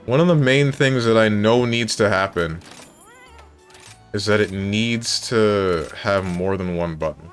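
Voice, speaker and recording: Male streamer, casual chat, somewhat low voice, thinks aloud, faint music behind. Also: a little slow. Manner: thinking aloud, musing and self-correcting.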